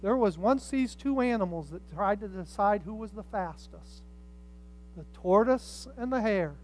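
A pastor preaching a sermon, telling stories with humorous asides and swinging from quiet reflection to loud emphasis. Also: medium pitch, measured pace, slight background noise. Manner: animated storytelling with humorous asides.

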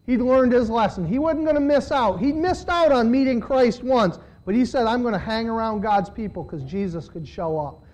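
A man's voice: extremely high pitch, normal speed, hardly any pauses, low-quality recording. A man preaching a sermon, reading a Bible passage aloud and stopping to comment on it, his voice lifting with emphasis as he reads. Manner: reads scripture with rising, animated emphasis.

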